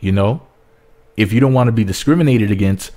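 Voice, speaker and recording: Male vlogger, lowish voice, rambling casual commentary with repeated words. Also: fairly quick, a little mellow.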